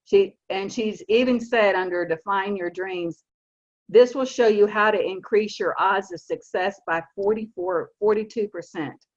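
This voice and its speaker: Earnest Southern woman in her sixties. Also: mid-range voice. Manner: earnest, emphatic, stresses key words slowly. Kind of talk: motivational talk on a video call. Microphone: video call. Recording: muffled lo-fi video call audio.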